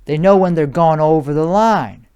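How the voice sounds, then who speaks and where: A man's voice: fairly high pitch, moderate pace, a little mellow, clean tone, dull audio. Overtired man in a put-on Chicago accent. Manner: profane, argumentative, repeats himself. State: overtired, sleep-deprived. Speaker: podcast host. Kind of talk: rambling solo podcast monologue.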